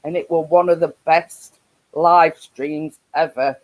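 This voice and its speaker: A woman's voice: sits low, steady tone, takes it slowly, lo-fi sound. A woman with a Yorkshire accent hosting a casual live stream, rambling with frequent laughs and restarts.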